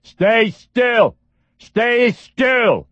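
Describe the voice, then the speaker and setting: A man's voice: low-pitched, unhurried, no room sound. A man voicing a big, battered, tough ex-military man who gives terse, blunt orders. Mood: shouting orders. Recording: dull lo-fi dry recording.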